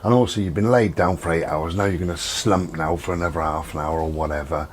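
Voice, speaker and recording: With slight background noise drifting in through an open door and window, a middle-aged vlogger chats about his day at home. His voice sits low and runs a little fast, and his relaxed rambling is thick with ums.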